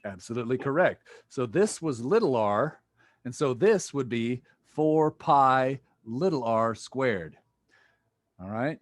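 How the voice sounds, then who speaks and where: A man's voice: medium pitch, dry recording. A playful man lecturing on physics over a video call, joking with students as he goes. His voice sits in a middle register. The sound is dry and close, with little room around it. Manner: playful, jokey, quizzes students. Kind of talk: online lecture.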